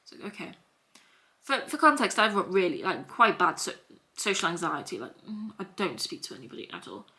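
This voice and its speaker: Very animated and a little fast, this young Scouse woman's voice sits on the low side and sounds pushed and bright. She vlogs from home in a hoodie, rambling and repeating herself, restarting over and over.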